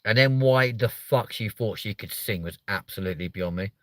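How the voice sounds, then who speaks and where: A young man hosting a live comedy stream from a car, sweary and mocking, jumping from loud outbursts to muttered asides. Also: fairly low pitch, normal speed, dry recording. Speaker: host of a live stream show. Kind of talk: crude comedic live chat.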